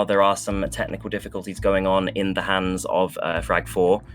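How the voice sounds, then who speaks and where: A man casting a live esports match, chatting loosely with many fillers while he fills the pauses. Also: on the low side, fairly bright tone. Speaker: esports caster.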